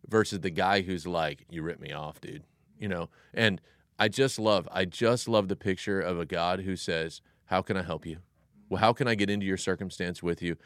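A man, a pastor, discussing a Bible passage in a lively, storytelling way. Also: sits low, clean tone, dry recording, studio quality. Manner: animated storyteller, acts out voices.

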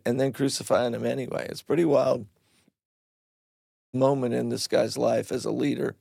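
A pastor speaks firmly in a casual faith discussion, driving his points home and cutting in quickly. His voice sits mid-range. The recording is dry and close. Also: medium pitch, fairly even intonation, creaky, dark tone, slightly rough, no echo. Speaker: pastor and co-host.

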